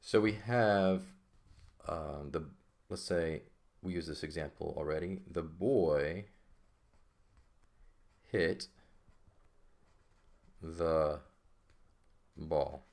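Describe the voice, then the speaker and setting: A man's voice: very deep voice, extremely slow, gravelly, long pauses, darkish tone. A man teaching a recorded language lesson, explaining step by step and often checking with "right?" and "okay?".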